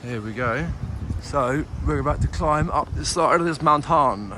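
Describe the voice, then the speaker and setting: This travel vlog features a young man with a higher-side voice who talks a little slowly while hiking up steep stairs outdoors. Breathless, he keeps up chatty, self-mocking narration for the camera over plainly audible background noise.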